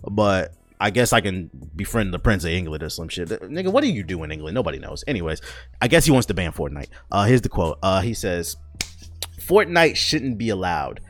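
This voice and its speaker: A man's voice: low-pitched, very animated, quick pace, no echo, soft background music. A man hosting a casual solo podcast, joking and ranting with lots of swearing and restarts. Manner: profane, joking, rambling with restarts. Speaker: podcast host.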